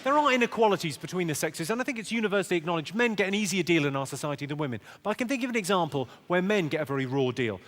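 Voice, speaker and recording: A male stand-up comedian, delivering deadpan one-liners with quick asides to a live audience. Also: sits high, big-room sound, a little hiss or hum. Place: large theatre stage with audience. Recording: live theatre recording, loud audience. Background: loud audience laughter.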